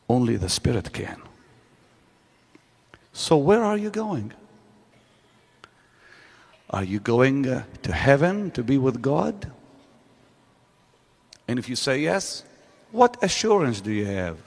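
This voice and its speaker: Man preaching a sermon, slow and dramatic, big swoopy voice, lots of hall echo. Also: mid-range voice, a little mellow. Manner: dramatic, repetitive rhetorical questioning of the audience. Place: large church auditorium with live audience. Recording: long reverb of a large hall.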